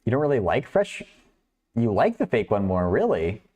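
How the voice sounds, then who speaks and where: A man's voice: lowish voice, sing-song, normal speed, mellow. A man hosting a math livestream, working through problems aloud while chatting with viewers and laughing often. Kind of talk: casual livestream problem-solving.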